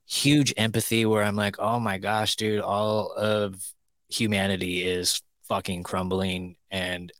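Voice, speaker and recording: A man's voice: fairly low pitch, level tone, unhurried, a bit bright, dry recording. A man co-hosting a casual chat podcast, telling stories in a blunt, profane way. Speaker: co-host.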